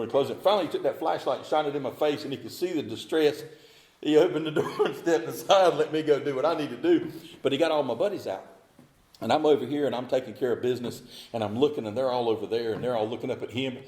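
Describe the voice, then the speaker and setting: A middle-aged man, telling his story as a speaker at a recovery meeting in a folksy, animated way. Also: mid-range voice, roomy sound.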